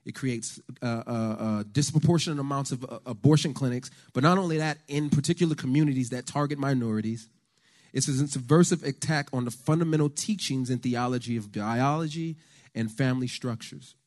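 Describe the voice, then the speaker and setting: An American man giving a conversational, faith-based talk on politics to a church lunch audience, telling stories with lively asides. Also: mid-range voice, brisk. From United States. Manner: animated storyteller, conversational with the audience.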